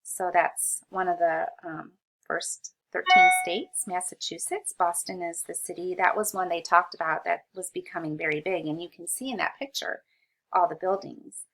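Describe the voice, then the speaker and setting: Sounding out each word patiently for young readers, a woman teacher reads a history lesson aloud at a slow pace. Her voice is fairly low and a bit bright, with fairly even intonation, and the recording is low quality.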